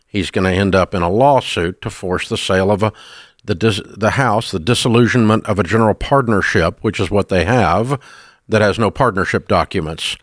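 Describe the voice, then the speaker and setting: A man's voice: fairly low pitch, normal speed, dry recording, studio quality. A man in his sixties with a Southern American accent, hosting a call-in radio show in a blunt, emphatic, scolding way.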